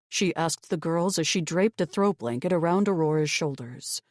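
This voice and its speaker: Woman audiobook narrator, lowish voice, lots of melody, dry close mic. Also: normal speed, darkish tone, no room sound. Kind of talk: scripted first-person narration.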